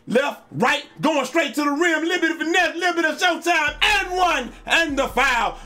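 A man hosting a video channel, giving hyped, slangy commentary over basketball highlights and shouting out the big plays. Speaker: YouTube host and streamer.

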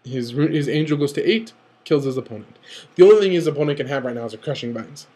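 A man's voice: medium pitch, dark tone, husky. A young man giving eager, rambling play-by-play analysis of a recorded card game, often restarting his sentences. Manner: eager, rambling, often rushes and self-corrects. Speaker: card game video commentator. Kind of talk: excited game analysis commentary.

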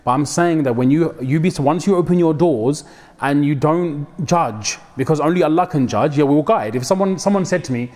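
A man's voice: fairly high pitch, fairly quick, a little mellow. A young man giving a mosque talk, casual and slangy, acting out quoted voices as he preaches. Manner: code-switches with slang, dramatic quoted voices.

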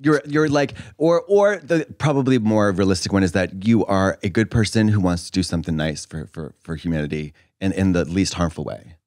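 A man's voice: deep voice, fairly quick, hardly any pauses, darkish tone, no echo, studio quality. A man co-hosting a comedy podcast, talking in a campy, sardonic way and cutting in often. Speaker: podcast co-host. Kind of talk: casual comedic chat.

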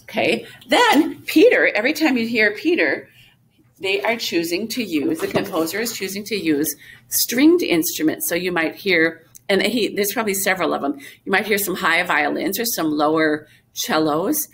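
A woman music teacher explaining things gently and simply to young children, with many fillers. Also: mid-range voice, expressive, normal speed, slight background noise. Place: school classroom.

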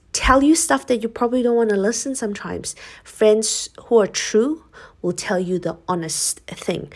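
Husky young woman vlogger, earnest. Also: medium pitch. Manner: earnest, encouraging, laughs often. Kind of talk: casual vlog talk to camera.

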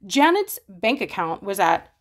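A woman's voice: medium pitch, big pitch swings, measured pace. A woman teaching a math lesson, chatty and playful, talking straight to her students and acting out their questions. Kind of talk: casual explaining math lesson.

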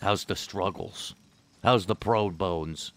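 A man's voice: low voice, takes it slowly, dry recording. A man streaming a game, rambling and joking with his chat between moves. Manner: rambling, jokey, chats with viewers. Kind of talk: casual gameplay commentary.

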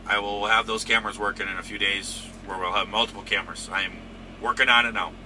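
A man hosting a trucking channel who rambles easygoingly through viewer comments. His voice sits a bit low but comes across sharp and bright. A faint engine hum runs behind him in the cab. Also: flat delivery, quick pace. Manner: rambling, easygoing, lots of fillers. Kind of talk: casual chat reading viewer comments.

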